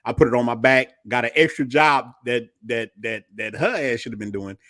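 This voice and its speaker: A man's voice: mid-range voice, normal speed, no room sound, clean studio sound. A middle-aged man hosting a podcast, telling personal stories in casual, slangy chat. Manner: animated storyteller, slangy. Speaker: podcast host.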